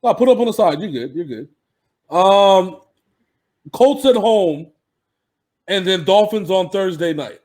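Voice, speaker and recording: A man's voice: sits high, expressive, unhurried, pauses often, a little mellow. A man co-hosting a sports podcast, talking casually and animatedly, laughing and swearing freely.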